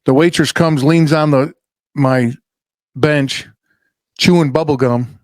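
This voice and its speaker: A man's voice: a little high, takes it slowly, darkish tone, no room sound. A middle-aged man hosting a podcast, chatting casually, swearing freely and telling stories. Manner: swearing, storytelling with acted-out quotes. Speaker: podcast host. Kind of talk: casual chat.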